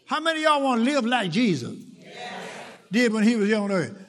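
A man preaching a sermon. He is emphatic, repeats phrases for rhythm, and swings from loud, stressed lines to hushed asides. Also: extremely high pitch, sing-song, brisk.

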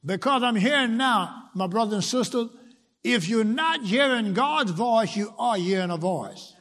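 Delivering a sermon in a high, animated voice at a slightly slow pace, a man preaches with emphasis. His lines climb to loud stresses, fall to quiet asides, and repeat to build rhythm.

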